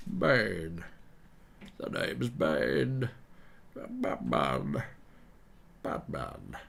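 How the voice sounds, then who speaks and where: A man doing a slow, deep, growling movie villain. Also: wildly swooping pitch, vocal fry, fairly bright tone, breathy edge, heavily acted. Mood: menacing. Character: menacing masked male movie villain, gloating.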